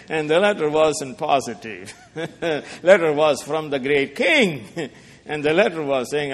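A man preaching a sermon in a church, impassioned, swinging from hushed asides to soaring lines and asking the congregation questions. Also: a little high, expressive, takes it slowly, big-room sound. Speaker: pastor.

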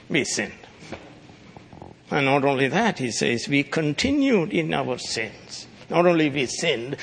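A man delivering a sermon in a slow, measured way, his voice gravelly and bright. He breaks now and then into sudden loud, high-pitched exclamations. A faint hiss of noise sits under the recording. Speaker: pastor.

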